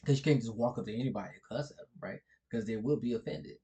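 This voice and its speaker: A man's voice: on the low side, quick pace, dark tone. A man talking in a casual vlog monologue, chuckling often and rambling loosely, tagging his points with "right?" and "like". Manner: loose, rambling colloquial delivery. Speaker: vlogger.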